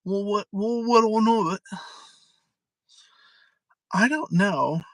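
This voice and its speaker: A man's voice: sits high, slow pace, fairly bright tone, dry recording, low-quality recording. A man hosting a live stream, chatting in a giggly, rambling and playful way. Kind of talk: casual live-stream chat.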